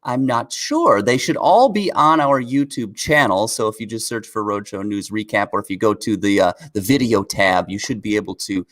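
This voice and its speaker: This car news show co-host speaks at a normal speed with few pauses, his lowish voice carrying a fairly bright tone. Relaxed and easygoing on the live stream, he often chuckles while reading viewer questions from the chat.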